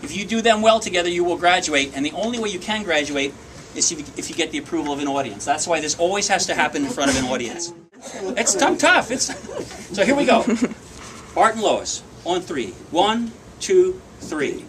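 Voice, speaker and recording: A man's voice: high voice, animated, fairly quick, noisy background. A man from Pennsylvania leading a playful live yodeling workshop in a bookstore, joking with the audience and breaking into yodels and cuckoo calls. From Pennsylvania, USA.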